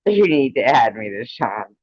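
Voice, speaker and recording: A man with a mid-range, darkish voice runs a trivia livestream from home with a cat nearby, very animated at a moderate pace as he keeps score and teases players in a chatty way. The dull, dry lo-fi stream audio carries no room sound.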